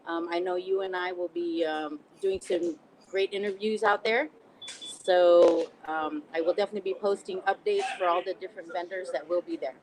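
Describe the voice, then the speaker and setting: A woman's voice: on the low side, moderate pace, poor audio. Casual woman guest, faint noise behind. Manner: relaxed, frequent "um" fillers. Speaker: podcast guest, cigar brand rep. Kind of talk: casual podcast chat.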